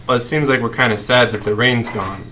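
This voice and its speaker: A man's voice: mid-range voice, fairly quick, pushed and bright. A man playing a tabletop game, making wry jokes at the table. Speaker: player. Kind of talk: casual game chat. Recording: clear background hiss.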